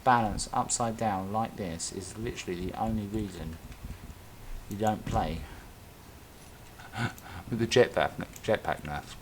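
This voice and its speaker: This is casual live-stream commentary from a man building in a game, musing aloud, talking to himself, and wandering off on little tangents. He speaks on the low side at a measured pace, pausing often, with slight background noise.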